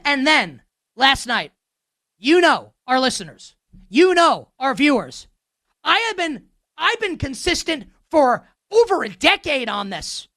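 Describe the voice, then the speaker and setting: A man's voice: very high voice, very animated, unhurried, sharp tone, no room sound, studio quality. A man hosting a sports betting show, delivering a heated, sarcastic rant with emphatic repetition. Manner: sarcastic, ranting.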